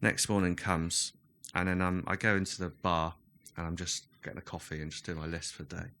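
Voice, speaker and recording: A man's voice: deep voice, level tone, fairly quick, sharp tone. A man in his thirties, telling anecdotes on a casual podcast, acting out the people he quotes and laughing often. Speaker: guest.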